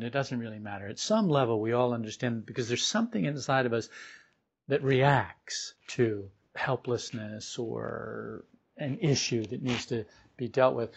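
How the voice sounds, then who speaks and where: A man giving an informal spiritual talk to a group, animated and emphatic, driving points home by repetition. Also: mid-range voice, gravelly, slightly rough. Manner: animated, acts out quoted voices, emphatic repetition. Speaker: spiritual teacher. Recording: dull lo-fi recording.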